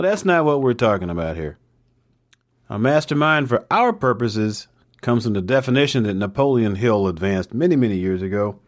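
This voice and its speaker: A man hosting a motivational podcast monologue, with playful, jokey asides. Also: medium pitch.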